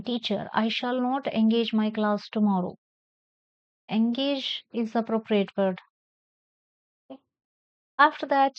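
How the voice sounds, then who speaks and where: A woman's voice: fairly high pitch, clear, resonant tone, dry recording, muffled recording. A woman teacher with an Indian English accent, giving a classroom pronunciation lesson and spelling words out letter by letter. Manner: repeats words slowly, spells them out letter by letter.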